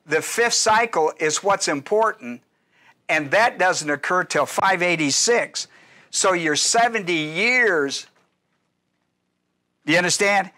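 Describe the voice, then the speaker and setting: A man in middle age teaches scripture to a class in a loose, talky lecture, circling back and checking in with his listeners. His voice sits a bit high for a man and has a bright, forward edge. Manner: conversational teaching with asides and restarts. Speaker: pastor. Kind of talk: Bible study lecture.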